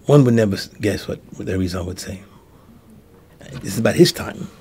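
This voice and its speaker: A man, a rabbi, telling a story as a sermon and acting out the dialogue in soft, hushed tones. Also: fairly low pitch, brisk, a little hiss or hum.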